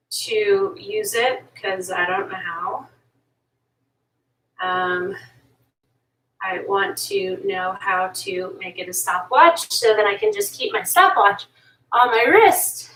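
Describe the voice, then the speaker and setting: A woman's voice: on the high side, sharp tone, a little hiss or hum. A woman fitness instructor coaching a workout while exercising along, urging listeners not to quit. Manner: motivating, pushes listeners to keep going. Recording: echoey room, distant from mic.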